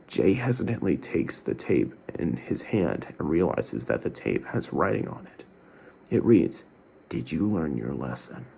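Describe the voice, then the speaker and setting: A man reading his own self-written story aloud as a channel host, with slightly slurred words and an animated telling. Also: a bass voice, a little slow, vocal fry, slight background noise.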